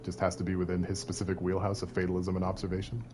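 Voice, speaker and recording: A man with a fairly low voice gives casual live-stream commentary over a horror game. He jokes with his chat, teases the game and brags playfully, often breaking into laughter. Faint background noise runs under his voice. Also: monotone, very fast.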